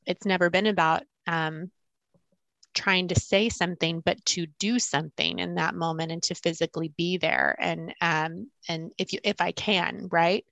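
A woman with a somewhat low voice, co-hosting a podcast in a reflective way. She feels her way through each thought with halting restarts and fillers. The sound is dry and close to the mic. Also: steady tone, creaky, fairly bright tone, no room sound. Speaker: podcast co-host.

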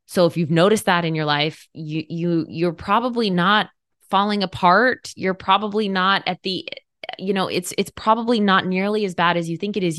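A woman's voice: fairly low pitch, no echo, clean studio sound. A woman in her thirties talking candidly on her podcast, chatty and encouraging, acting out inner voices as she goes. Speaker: podcast host. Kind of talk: casual motivational monologue.

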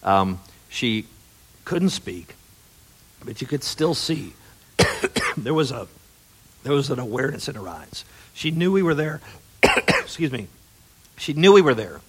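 A middle-aged man preaching a sermon as pastor, telling stories in a folksy way that rises with excitement and then drops to soft, earnest appeals. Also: medium pitch, a little slow, long pauses, breathy edge.

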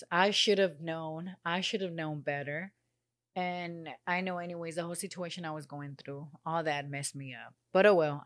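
A woman's voice: lowish voice, no room sound, studio quality. A woman telling a personal story in a casual, blunt monologue, often swearing and acting out quoted dialogue.

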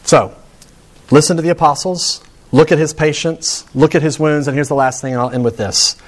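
Steady in tone and on the high side, this man preaches at a moderate pace. His talk is chatty and anecdotal, marked by frequent restarts and points that build with mounting emphasis.

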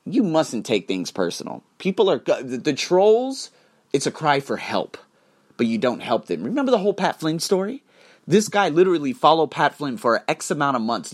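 A man hosting his own vlog and podcast, ranting casually, blunt and animated, swearing freely. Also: medium pitch. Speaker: YouTuber and podcast host.

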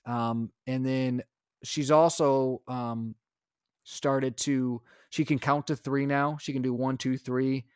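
A young adult man co-hosting a casual podcast, recounting a chaotic day with animated storytelling. His voice sits at a middle pitch and is recorded dry and close, with no room sound. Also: slow pace, clean tone, dry recording. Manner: animated storytelling, acts out his own lines. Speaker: podcast co-host, father. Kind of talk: casual chat.

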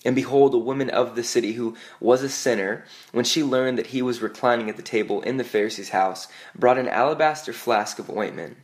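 A young pastor with a mid-range voice preaches a sermon to his church congregation in a conversational way. He says "like" often, restarts quickly, and tells self-deprecating stories.

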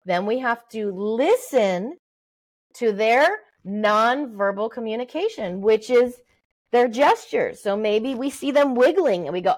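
A middle-aged woman giving parenting advice in a podcast interview, lively and acting out little exchanges with babies. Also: fairly high pitch, a little slow. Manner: animated, acts out parent-baby talk. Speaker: guest, early development expert.

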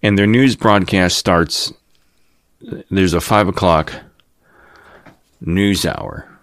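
Channel host, man in his fifties, very low voice, dry close sound, cynical rambling monologue. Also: slow pace, fairly bright tone, no echo. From Cleveland, Ohio area. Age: 50s. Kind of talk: casual monologue rant.

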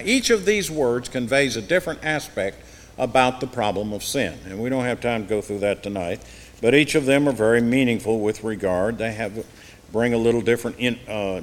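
A man with a medium-pitched voice leads an evening Bible class, reading scripture aloud with growing emphasis before explaining it in plain teaching talk. A long reverb suggests a large hall.

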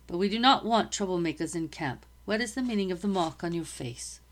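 A woman's voice: fairly low pitch, animated, fairly quick, close to an everyday voice. A woman reading aloud, voicing a stern, formal male army captain in a storybook. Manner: formal, clipped, raised commanding voice. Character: stern male British army captain, middle-aged, commanding.

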